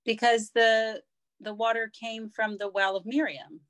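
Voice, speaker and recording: A woman's voice: fairly high pitch, little pitch movement, measured pace, a bit bright. A woman in the class giving a short, tentative answer from some distance away from the microphone. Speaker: class participant.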